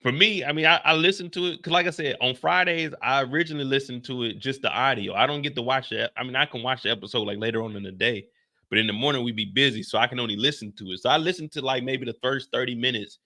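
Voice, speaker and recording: Medium in pitch and quick, his voice comes across pushed and bright. He's a young live-stream host reviewing a TV episode, speaking loosely and casually and returning again and again to "like" and "you see what I'm saying."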